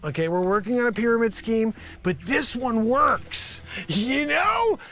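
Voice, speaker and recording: Animated high-pitched comedian man. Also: unhurried. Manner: rambling, animated, talks to imagined panel, bursts into shouting. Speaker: host of a live improv music and comedy show. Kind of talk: improvised comedy monologue as a pitchman.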